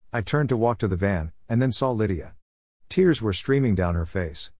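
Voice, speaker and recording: A man reads a first-person audiobook in a low, steady voice, calm and measured. The recording is close and dry, with the room deadened. He keeps a patient, even firmness through the telling. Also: no echo. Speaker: narrator.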